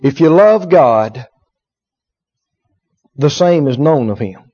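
Emphatic male preacher with a high voice, repeating lines for effect and acting out quotes; muffled lo-fi recording. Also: animated, slow, mellow. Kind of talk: sermon. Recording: dull lo-fi sermon recording.

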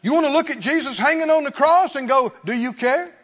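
A man preaching a fervent sermon to his church, swinging from quiet asides to shouted praise. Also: extremely high pitch, fast, muffled recording. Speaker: pastor.

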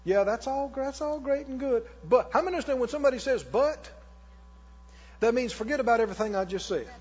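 A man preaching a sermon, emphatic and booming as he questions the congregation. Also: quick pace, darkish tone, husky. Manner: emphatic, rising and booming, asking the crowd questions. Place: church hall. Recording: echoey hall, dull lo-fi sound.

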